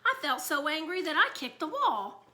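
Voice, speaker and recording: A woman reading a children's book aloud in an expressive storytelling manner. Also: high-pitched, normal speed. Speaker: reader.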